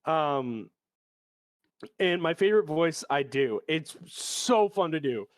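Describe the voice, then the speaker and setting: Animated, playful stream co-host. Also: medium pitch, slow pace, dry recording. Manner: animated, playful, laughs often. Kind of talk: casual chat.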